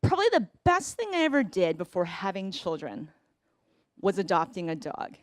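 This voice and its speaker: A woman's voice: lowish voice, very animated, normal speed, no room sound, studio quality. A woman in her forties telling a personal family story, earnest and reflective, acting out bits of dialogue.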